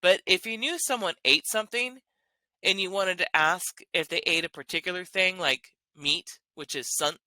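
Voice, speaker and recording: A woman presents a scripted language lesson, eager and upbeat as she explains grammar. Her voice is lowish yet bright and forceful. The sound is dry and close, with no room echo. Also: normal speed. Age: adult with children. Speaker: language teacher.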